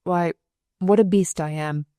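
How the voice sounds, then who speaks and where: A woman voicing a gruff, blustering middle-aged male senior surgeon in a storybook reading. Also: lowish voice, unhurried, dark tone, no echo, studio quality, natural voice. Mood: flustered.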